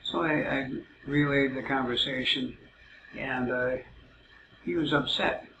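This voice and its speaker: Man, casual storyteller, halting and rambling, gravelly flat delivery, muffled noisy roomy recording. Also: mid-range voice. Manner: rambling, many "uh" fillers, halting. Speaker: self-described psychic telling stories.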